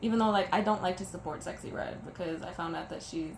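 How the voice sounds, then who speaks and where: A young woman speaks fast in a lowish voice, vlogging about a breakup while teary and sniffling. Emotion makes her stumble and start her sentences over. Faint background noise sits under the echo of the room.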